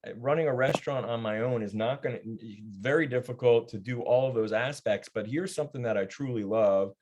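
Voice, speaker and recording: A man's voice: medium pitch, brisk, background noise. Guy interviewing, stammers a lot, "you, you, you", restates what guest said. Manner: stammering repeats, sums up the guest's words. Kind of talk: interview questions.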